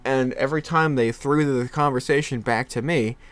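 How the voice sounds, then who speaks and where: A man's voice: medium pitch, normal speed, no echo. A man in his twenties telling a candid personal story about his childhood, laughing at himself often and restarting his sentences. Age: 20s. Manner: self-deprecating, laughs often, many restarts. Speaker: podcast host.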